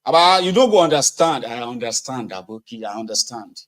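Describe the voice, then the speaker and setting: A man's voice: mid-range voice, animated, brisk, a bit bright, rough recording. A man with a Nigerian accent giving casual political commentary, talking conversationally and asking rhetorical questions.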